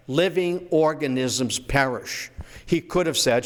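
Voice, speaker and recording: A man giving a public history lecture in a storytelling manner, slowing down to recite quotations. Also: mid-range voice, expressive. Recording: echoey hall.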